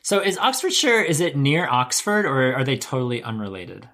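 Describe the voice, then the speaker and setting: Upbeat American podcast host, easygoing and talkative, middle-pitched voice. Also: male voice, sing-song, moderate pace. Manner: warm enthusiastic rambling, self-correcting. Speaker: podcast host and co-founder editor. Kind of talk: casual podcast chat.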